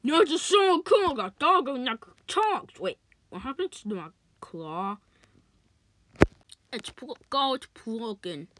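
A woman's voice: fairly high pitch, sing-song, slow pace, long pauses, pushed and bright, slight background noise. A woman voicing toy characters in a homemade cartoon, jokey and exclaiming. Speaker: fan video maker voicing toy characters.

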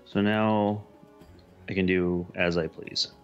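A man's voice: low voice, little pitch movement, slow, dull audio, faint music behind. A man co-hosting a casual show, playing a card game with goofy, sing-song jokes. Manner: goofy, sing-song riffing and repeated phrases. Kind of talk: casual game-play banter.

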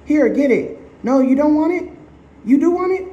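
A toying manipulator dangles a treat and teases in a high, jumpy singsong, done by a woman. The voice sounds mellow and echoes around a roomy space. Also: expressive, moderate pace, highs cut off. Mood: taunting. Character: taunting manipulator teasing a dog with a snack.

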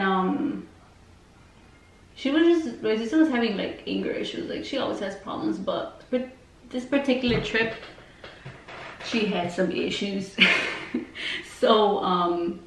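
A woman vlogger telling a story casually, rambling with lots of fillers and swearing. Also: mid-range voice. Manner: rambling and heavily profane, full of fillers. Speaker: beauty vlogger. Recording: roomy, distant mic, faint noise.

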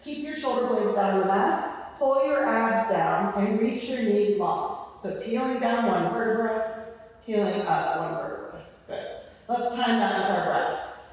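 A young woman physical therapist, her voice on the high side and a little slow, runs a home floor exercise session. Somewhat out of breath, she cheers people on, counts reps out loud and prompts their breathing. The audio has hall echo and she's far from the microphone.

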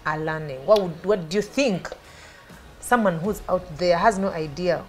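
A woman's voice: fairly low pitch, normal speed, faint music behind. A woman with a Ugandan accent hosting a talk show, asking probing questions. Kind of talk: casual interview chat.

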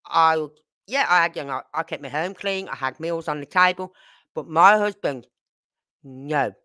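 A middle-aged woman tells stories in a blunt, salty way, talking straight to her viewers. Her voice sits a little low but comes across bright and forceful, and she acts out what people said as she goes. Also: moderate pace. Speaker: channel host. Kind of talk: casual storytelling to camera.

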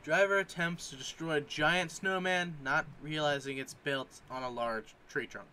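A man's voice: fairly high pitch, steady tone, unhurried, pushed and bright, slight background noise. A man in casual commentary, reading memes aloud and joking, sometimes putting on mock voices. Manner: jokey, reads captions aloud with mock voices.

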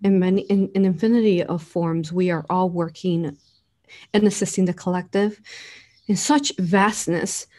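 A woman's voice: lowish voice, fairly even intonation, normal speed, darkish tone. A woman author talking earnestly and affirmingly about spiritual ideas in her book.

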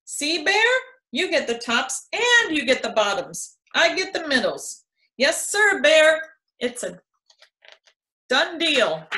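A woman voicing a clever, sly male hare with a bright, chirpy, teasing manner for a children's storybook. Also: high-pitched, very animated, slow, pitched above the performer's own voice, heavily acted. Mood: gleeful.

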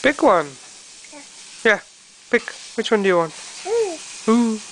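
Poor audio and slight background noise accompany a woman doing baby talk as she reads picture books to her baby, urging the child to choose one. Her voice is expressive, fairly bright, and on the high side, slow and sing-song, with animal sounds mixed in.

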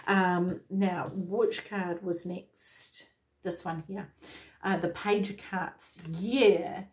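A woman's voice: fairly low pitch, fairly even intonation, very slow. A woman giving a casual, effusive tarot reading, talking straight to the viewer. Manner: enthusiastic, effusive, addresses viewer directly. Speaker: tarot reader.

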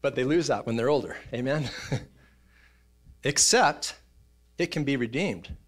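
Guy preaching in church, lively storyteller, mid-pitched voice. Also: slow. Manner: animated storyteller, acts out voices and sounds. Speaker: pastor. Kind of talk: casual sermon storytelling. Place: church auditorium.

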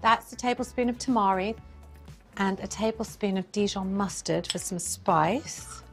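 A woman hosting a cooking show, chatting enthusiastically as she cooks and then asking quick-fire interview questions. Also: medium pitch, soft background music.

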